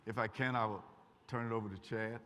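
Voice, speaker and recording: This older man, a guest speaker with an Eastern Kentucky accent, jokes his way through a folksy college lecture and audience Q&A. His voice is lowish, clear, and resonant with a sharp tone, fairly even intonation, and a quick pace. The recording has the echo of a big auditorium hall.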